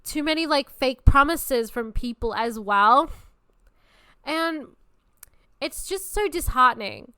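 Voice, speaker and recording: A woman's voice: high voice, slow, pauses often, clear, resonant tone, dry recording, clean studio sound. A woman in her twenties hosting a podcast, talking in a blunt, casual way and swearing freely. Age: 20s. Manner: blunt, profane and animated. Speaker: podcast host. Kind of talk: casual chat.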